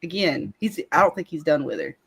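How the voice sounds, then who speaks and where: A woman's voice: deep voice, big pitch swings, a little fast, a bit bright, slightly rough. A woman hosting a casual live-stream chat, rambling and laughing with lots of fillers. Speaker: channel host.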